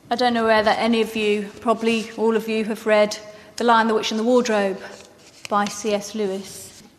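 A woman preacher giving a sermon in church, gentle and conversational, her voice softening at the ends of phrases. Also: mid-range voice, big-room sound, a little hiss or hum. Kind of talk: sermon with a reading from a book.

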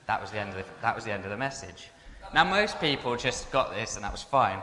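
A man's voice: fairly low pitch, animated, fast, few pauses, sharp tone. A man telling humorous personal stories to an audience in a chatty, self-mocking way. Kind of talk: humorous anecdote told to an audience. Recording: echoey hall with long reverb.

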